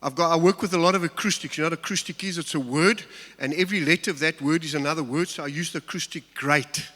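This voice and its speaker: Man, sermon, slightly high voice, candid and emotional, long hall reverb. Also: bright, forceful tone. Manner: candid, emotional, halting when personal. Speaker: pastor. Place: large church hall.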